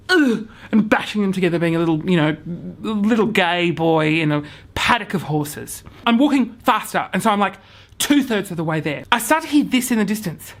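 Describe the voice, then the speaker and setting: A young man vlogging a comic story to camera, acting out his own panic with hushed whispers, swearing and sudden shouts. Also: sits high.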